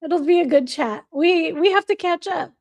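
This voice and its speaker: A woman's voice: extremely high pitch, normal speed. A woman hosting a casual livestream, chatty and bubbly, reading viewer comments aloud and greeting viewers by name, laughing easily. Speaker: livestream host.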